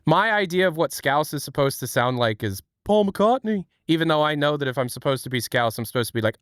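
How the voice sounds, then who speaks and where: A man's voice: a little high, lively intonation, moderate pace, clean tone, dry recording, clean studio sound. A young man from Ohio, chatting on a livestream in a rambling, self-deprecating way. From Ohio, USA. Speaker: streamer. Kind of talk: casual livestream chat.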